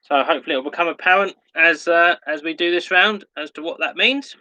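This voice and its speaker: A man hosting an online pub quiz, reading each question slowly and repeating it, and laughing at himself when he stumbles over a word. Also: on the high side, bright, forceful tone, dull audio. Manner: self-mocking when tongue-tied. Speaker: quiz host.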